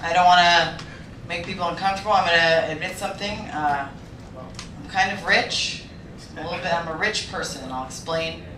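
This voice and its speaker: A woman from Los Angeles doing a stand-up set with a dry, deadpan delivery. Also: lowish voice, moderate pace, recorded from a distance. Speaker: stand-up comedian. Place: comedy club stage. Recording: echoey room from afar with crowd and noise.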